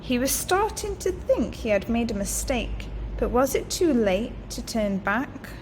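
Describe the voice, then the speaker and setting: A woman teacher reading a picture book aloud to children in a clear, expressive way. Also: fairly high pitch, slight background noise. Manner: expressive and animated, slow and clear. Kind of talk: storybook read-aloud for children.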